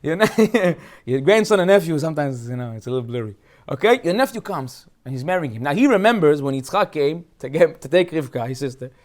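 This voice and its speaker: A rabbi who grew up speaking Hebrew gives a casual, joking Torah talk, telling the story as a lively storyteller who laughs often. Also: male voice, fairly high pitch.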